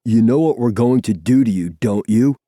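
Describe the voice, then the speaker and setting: A man voicing a rough teenage surfer boy who bullies, with a raspy, taunting voice. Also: medium pitch, moderate pace, dark tone, no room sound, clean studio sound, close to an everyday voice. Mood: menacing. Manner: menacing, taunting.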